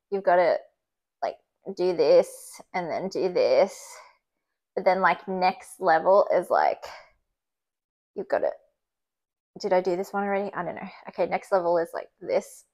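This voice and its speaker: A woman, chatting casually in a vlog, full of "like" and quick to laugh. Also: on the low side, lively intonation, creaky, dark tone. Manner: chatty, filler-heavy with frequent "like"; laughs easily while telling stories. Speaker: vlogger.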